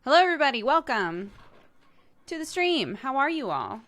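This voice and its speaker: A woman's voice: high-pitched, very animated, normal speed, fairly bright tone. A woman streamer in casual livestream chat, rambling playfully and laughing often.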